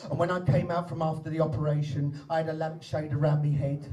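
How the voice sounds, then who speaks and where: A man's voice: flat delivery, fast talker, noisy background. A man doing brassy, bawdy, camp stand-up comedy as a drag performer in a live venue. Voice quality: brassy, bawdy and camp, with big swoops up into falsetto. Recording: distant live-venue mic.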